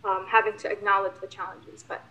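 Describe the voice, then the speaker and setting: A woman's voice: mid-range voice, flat delivery, fairly quick, pushed and bright, low-quality recording. A woman school board member gives unscripted remarks at a public meeting, hesitant, with many fillers and restarts.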